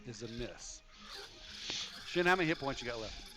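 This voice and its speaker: Dungeon master, male, mid-pitched, counts out rolls plainly, music playing behind. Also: expressive, moderate pace. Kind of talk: running a tabletop game. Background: background music.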